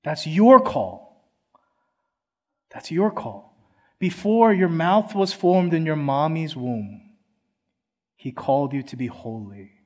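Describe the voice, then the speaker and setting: A pastor from Philadelphia delivering a sermon to his congregation. He talks in an earnest, chatty way, with a voice pitched a little above most men. He often slips into quoted voices to make his point. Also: measured pace, a little mellow. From Philadelphia, USA. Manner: conversational, earnest, acts out quotes. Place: church.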